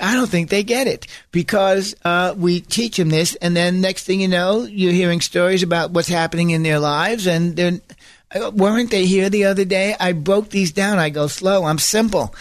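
A male preacher with a fairly high voice, driving his points home through insistent repetition. He slips into chatty asides and corrects himself mid-thought. The recording is dry and close, with no room sound. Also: steady tone, a little slow, fairly bright tone, no room sound. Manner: emphatic, repeats phrases for stress; conversational asides and self-corrections. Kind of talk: sermon.

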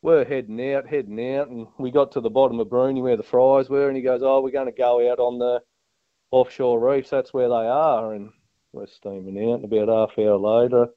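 A Tasmanian guest angler with an Australian accent spins a broad fishing yarn in casual chat, saying "mate" a lot. His medium-pitched voice is steady and at normal speed, with no echo, on a dull, dry lo-fi recording.

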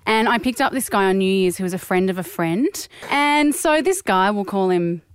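A woman's voice: mid-range voice, lively intonation, moderate pace, clear, resonant tone, no room sound, studio quality. A woman in her thirties with an Australian accent, co-hosting a podcast and telling stories in a peppy, chatty way. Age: 30s. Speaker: podcast co-host. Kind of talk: casual chat.

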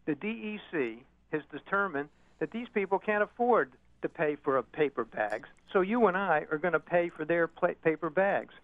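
A man calling in to a radio show, halting and full of uhs, indignant about his grievance. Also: on the high side, lively intonation, no room sound. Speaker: caller. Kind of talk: phone-in call. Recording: tinny, dry phone line.

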